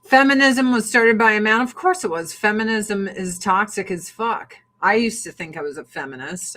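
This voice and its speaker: A woman's voice: mid-range voice, normal speed, few pauses, bright, forceful tone. A woman in a casual political rant, blunt, sarcastic and often profane. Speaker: livestream host.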